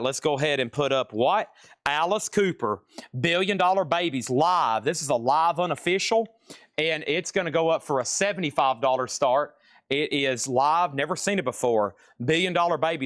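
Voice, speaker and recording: A man running a live online record auction, chatty and jokey as he calls out prices and the names of buyers. His voice sits a bit high for a man. The sound is close and dry, with no room echo. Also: normal speed, a bit bright. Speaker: live-stream record seller. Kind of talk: live auction sales patter.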